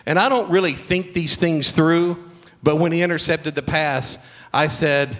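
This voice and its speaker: Speaking as a guest in a school chapel, a middle-aged Southern man encourages students through warm, funny stories about faith. His voice sits fairly high and moves at a moderate pace, and the recording carries a long hall reverb.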